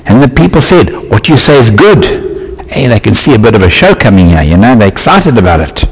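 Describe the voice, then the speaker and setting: A man's voice: on the low side, very animated, a little fast, slightly rough. A man preaching a sermon, reading scripture aloud and then bantering with and quizzing his congregation. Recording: reverberant hall.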